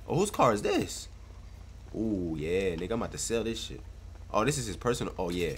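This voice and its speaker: A man's voice: fairly low pitch, very animated, fairly quick, slightly rough. A young man with a congested voice from a cold, giving slangy, hyped commentary over his gameplay. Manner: slangy, hyped, loud outbursts. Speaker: gaming streamer.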